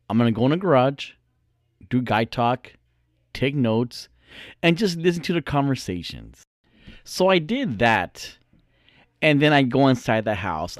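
A man's voice: mid-range voice, no echo, studio quality. A man casually telling a story to his viewers, laughing often and swearing freely.

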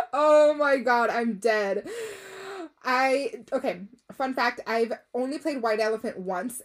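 A young adult woman hosting a casual podcast, reading listener stories aloud and reacting in an expressive, gushing way, swearing freely and slipping in Spanish words. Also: on the high side. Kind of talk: casual chat.

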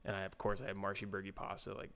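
A man's voice: low voice, monotone, very fast, creaky, a bit bright. A young man, a pro hockey player, casually telling a story in an interview, laid back with lots of fillers. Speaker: guest, pro hockey goalie.

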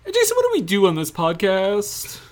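High, bright male podcast co-host. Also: huge pitch swings, brisk. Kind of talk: casual chat.

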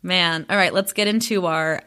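Woman podcast co-host, slightly low voice, giggly, casual sign-off patter. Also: fairly even intonation, moderate pace, sharp tone, clear, resonant tone. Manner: laughing, chatty, filler-heavy.

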